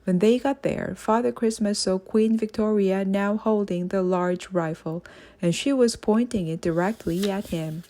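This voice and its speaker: A woman reading a children's book aloud in a clear, steady storytelling way. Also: medium pitch, a little slow. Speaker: audiobook reader.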